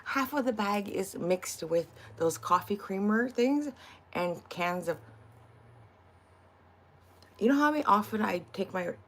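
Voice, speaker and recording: Animated woman livestream host. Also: medium pitch, a little slow, pauses often. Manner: animated storytelling, greets viewers. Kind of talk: casual chat while cooking.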